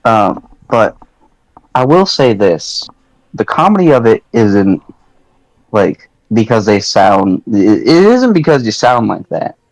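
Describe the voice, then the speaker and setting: A young man talking crude, slangy podcast banter and swearing freely. His pitch leaps around a lot as he jokes. The sound is dry and close. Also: very animated, slow pace, no room sound, low-quality recording. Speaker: podcast co-host. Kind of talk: casual chat.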